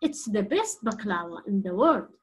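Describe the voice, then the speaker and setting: A woman's voice: mid-range voice, sing-song, a little fast, husky. A woman voicing a helpful middle-aged husband in a read-aloud storybook. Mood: encouraging. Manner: plain storybook reading.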